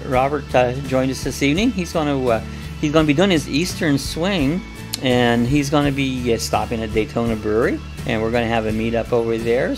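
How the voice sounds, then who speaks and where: A man hosting a casual live coffee chat, talking in a rambling, folksy way with lots of fillers and restarts. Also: mid-range voice.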